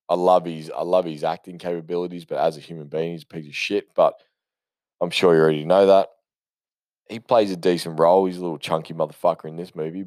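A man's voice: a bass voice, warm tone, no room sound. A man reviewing a film in a casual, unscripted ramble, offhand and full of swearing and restarts.

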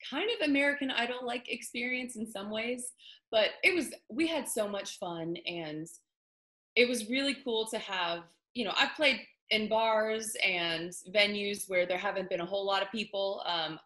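A woman's voice: medium pitch, moderate pace, bright, forceful tone. A young woman, a country singer, chatting casually in an interview with lots of fillers. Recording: echoey room.

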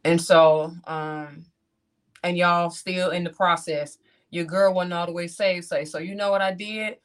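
A woman in her thirties, speaking, tells a personal testimony in animated style and acts out her own reactions as she talks to the audience. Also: on the low side, a little slow. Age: 30s. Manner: talks straight to the audience, calls them "y'all".

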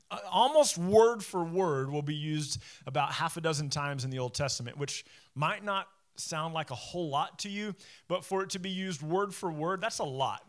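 Male pastor, slightly high voice, conversational sermon, plays out the characters' lines. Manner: casual storytelling, acting out quoted voices.

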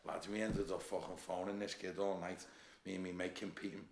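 A middle-aged man with a broad Scouse accent rattles through his stories, swearing freely and laughing as he goes. His voice has a gravelly edge to it. The sound carries the echo of a roomy space. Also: low voice, level tone, fairly quick. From Liverpool, England. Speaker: bodybuilder and gym owner, guest. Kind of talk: casual storytelling chat.

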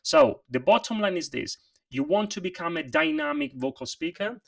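A man who is not an English speaker coaches presenters in a livestream, demonstrating emphasis as he goes. His voice rises and falls with energy and has a gravelly texture. He sits a little back from the microphone. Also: high voice, normal speed, distant mic. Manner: animated, practical, demonstrates vocal emphasis. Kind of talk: livestream interview.

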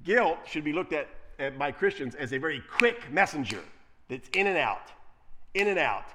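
A male preacher giving a conversational sermon, telling stories in an animated way. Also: fairly high pitch, normal speed, noisy background. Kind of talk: sermon with storytelling.

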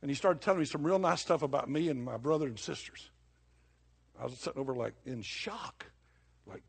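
A man's voice: on the high side, expressive, fairly quick, creaky, darkish tone, husky. An older man preaching a sermon in a folksy, conversational way, telling stories with sudden bursts of emphasis.

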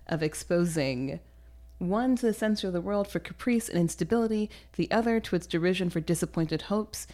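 A sharp-tongued young woman refuses a suitor in measured, formal sentences, as a woman reads her lines aloud. The voice sits slightly low and each phrase is delivered with cool precision. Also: lightly acted.

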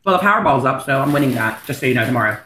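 Low-voiced woman guest rattling off fast jokes, pitch jumping around. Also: animated, sharp tone, roomy sound, slight background noise. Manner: quick joking interjections. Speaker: podcast guest. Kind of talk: casual chat.

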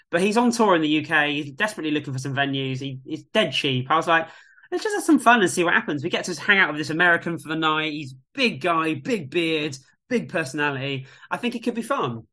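Bright, lively man telling stories. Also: on the high side. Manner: animated storyteller, lively quoted voices. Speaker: guest, music venue tech. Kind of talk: casual chat.

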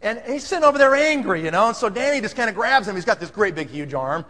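A man telling a story to an audience, animated and acting out the scene. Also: high-pitched, fast talker. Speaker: speaker telling a sales story. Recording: long hall reverb.

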